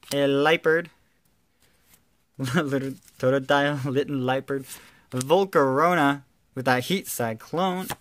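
A man doing casual, playful commentary while opening trading card packs, excitedly calling out cards and teasing his viewers. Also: medium pitch. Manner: excitable, calls out card names with bursts of energy.

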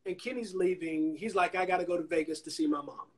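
High-voiced man telling animated stories. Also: quick pace. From Anniston, Alabama, US. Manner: animated storyteller acting out quoted voices. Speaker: songwriter and producer guest. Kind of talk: casual storytelling interview. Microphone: Instagram Live phone call.

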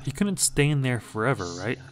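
A man's voice: mid-range voice, sing-song, slight background noise. Man narrating a horror story. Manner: measured, dramatic storytelling.

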